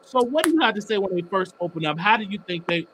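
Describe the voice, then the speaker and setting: A man's voice: high voice, very animated, fast, noisy background. A man hosting a live stream, giving casual, emphatic political commentary and swearing now and then.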